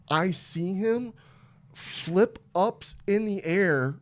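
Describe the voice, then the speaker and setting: A young man hosting a podcast, telling a story in a lively, animated way, swearing often and acting out what people said. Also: high voice, slow pace. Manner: animated, swearing, acts out quotes. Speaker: podcast host. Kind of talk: casual storytelling chat.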